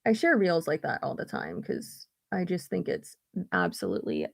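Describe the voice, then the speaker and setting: A blunt, sarcastic woman chatting casually on a livestream, swearing freely as she talks. Her mid-pitched voice carries a gravelly edge. The sound is dry and close, with no room echo. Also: sing-song, normal speed, a little mellow. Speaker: beauty YouTuber. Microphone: streaming setup at home.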